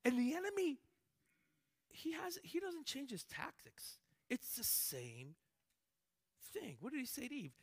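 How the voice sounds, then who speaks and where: A man preaching a sermon as pastor, animated, swinging between loud emphatic lines and hushed ones. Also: very high-pitched, unhurried, pauses often.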